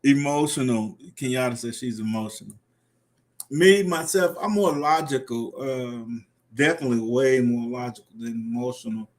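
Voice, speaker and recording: A man's voice: medium pitch, moderate pace. A man hosting a casual live stream, reading out viewer comments and laughing often. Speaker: livestream host.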